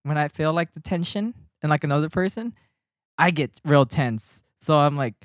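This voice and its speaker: Brief: storytelling podcast guy, animated and profane, mid pitch, dry close sound. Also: normal speed, dry recording. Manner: animated, swearing, laughs often, gets loud when worked up. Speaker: podcast co-host telling a story. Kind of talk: casual chat.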